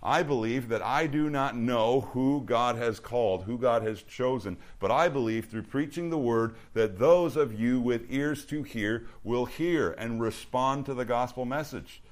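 A man delivers a sermon to a youth group in a mid-pitched voice. He speaks earnestly and with emphasis, circling back and repeating key phrases as he builds each point. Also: measured pace, few pauses. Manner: earnest, repetitive emphasis with restarts. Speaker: youth pastor.

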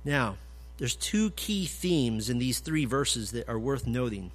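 A man preaching an expository sermon, emphatic, swinging from loud declarations to low, quiet points. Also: expressive, takes it slowly. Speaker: pastor.

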